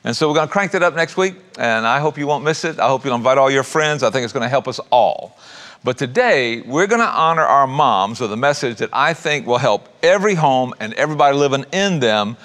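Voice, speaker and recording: A man's voice: medium pitch, animated, fairly quick, a bit bright, long reverb tail. A middle-aged man preaching a sermon as pastor, folksy and conversational, often dropping in "man" and "uh".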